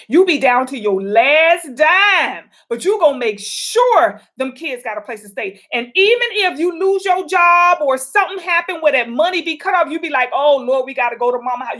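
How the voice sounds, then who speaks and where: Chatty high-voiced woman giving advice. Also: expressive, normal speed, a bit bright. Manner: chatty and colloquial, with frequent asides to viewers. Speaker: vlog host answering viewer questions. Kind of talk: casual relationship advice talk.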